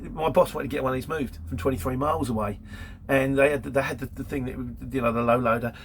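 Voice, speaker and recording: A man in his 50s, medium in pitch and fairly even in intonation, talks fast in a casual Q&A monologue about being a courier driver. Chatty and anecdotal, he laughs between stories, and there is slight background noise.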